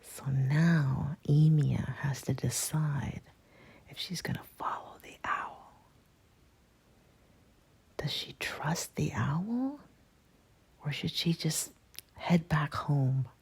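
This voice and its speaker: A woman whispers a bedtime story, unhurried and hushed. Her low whisper is husky and gravelly, with a dark, mellow softness. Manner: slow, soft, hushed.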